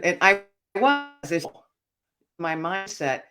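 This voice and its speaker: A woman speaks as an interview guest, sharing a personal testimony. She talks in an earnest, reflective way, letting her voice fall quiet when the story turns heavy. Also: on the low side, moderate pace, over music.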